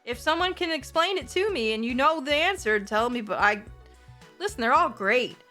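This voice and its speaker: A woman streamer talks to her chat in a bright, fairly high voice that swings widely in pitch. She is animated and playfully gushing, swears freely, and faint music plays behind her. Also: normal speed. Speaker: livestreamer. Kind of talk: casual livestream chat.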